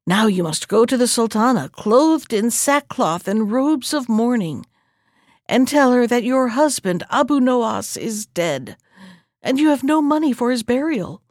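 एक महिला द्वारा पढ़ा गया चालाक मसखरा. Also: female voice, a little high, animated, unhurried, darkish tone, dry recording, studio quality. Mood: pleased. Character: cunning poor male jester, scheming and cheerful. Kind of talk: storybook reading.

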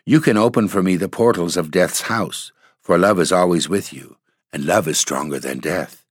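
A lonely old nobleman's ghost, tired beyond words, speaking low and dreamy, as a man reads him aloud. The voice sits very deep, and the sound is close and dry with no room around it. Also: normal speed, slightly rough, no echo. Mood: sad, dreamy. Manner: sad, low, dreamy speech.

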